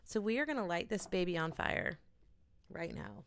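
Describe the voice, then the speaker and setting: A woman, an oracle card reader, gently and earnestly talking viewers through a ritual in a small home studio in her bedroom. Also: on the low side, animated, normal speed. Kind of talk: casual guided ritual talk.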